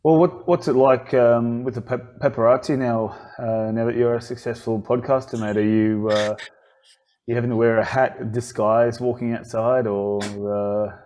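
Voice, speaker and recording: An Australian man hosting a podcast in casual chat, telling stories in a rambling, animated way full of restarts. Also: medium pitch, moderate pace. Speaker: podcast host.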